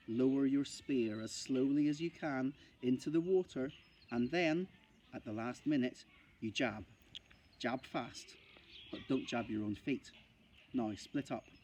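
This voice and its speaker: A gruff, wild explorer speaks in short, firm commands, voiced by a man reading a storybook aloud. He barks his orders at the children around him and does not waste words. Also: mid-range voice, lively intonation, unhurried, dark tone. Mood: instructing. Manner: terse, giving orders.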